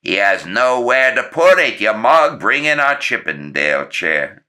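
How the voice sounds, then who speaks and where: An actor playing a blustering bedridden old uncle who bellows orders in a loud bullying voice. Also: male voice, deep voice, big pitch swings, slow, exaggerated voice.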